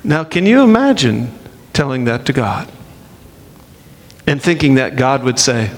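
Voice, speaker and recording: A man's voice: medium pitch, sing-song, measured pace, pauses often, long reverb tail. A man preaching a sermon with an emphatic delivery, acting out the quotes he reads.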